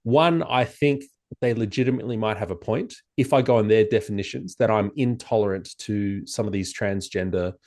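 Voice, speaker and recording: A man speaking as a podcast guest in casual chat, animated and halting, acting out quoted exchanges in a raised voice. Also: lowish voice. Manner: halting, frequent restarts.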